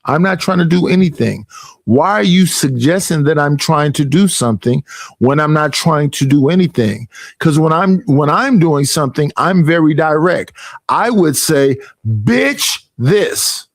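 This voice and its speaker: Gravelly, high-voiced man in his fifties ranting. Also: animated, normal speed, no echo, clean studio sound. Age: 50s. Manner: profane, emphatic and repetitive, mimicking others. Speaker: streamer. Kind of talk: heated ranting monologue.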